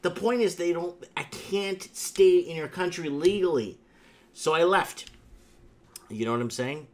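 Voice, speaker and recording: A male talk show host chats casually, driving his anecdotes home and leaning on repeated catchphrases. He speaks a bit slowly in a high voice.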